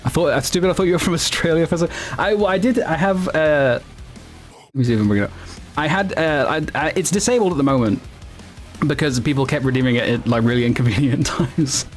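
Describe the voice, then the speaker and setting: A man's voice: fairly high pitch, fast talker, faint music behind. A man streaming casually, chatting with viewers in a rambling, self-correcting way and laughing often. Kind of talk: casual livestream chat, answering viewers.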